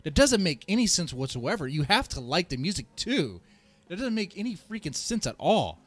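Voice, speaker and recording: A man streaming a video reaction, ranting and swearing in a heated, animated way and laughing at himself. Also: sits high, normal speed, faint music behind.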